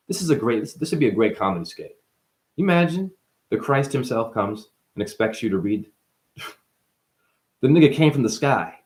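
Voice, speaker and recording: A male spiritual vlogger talks in a loose, playful monologue, his pitch swinging high and low all the time. He jumps from point to point and calls his listeners honey. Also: lively intonation, moderate pace, pauses often, darkish tone. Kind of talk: casual monologue.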